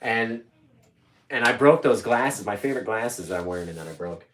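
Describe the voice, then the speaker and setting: A man's voice: mid-range voice, lively intonation, moderate pace, distant mic, a crowd in the background. A man hosting a live painting stream, chatting casually and joking with his co-host. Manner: joking, teasing, playful.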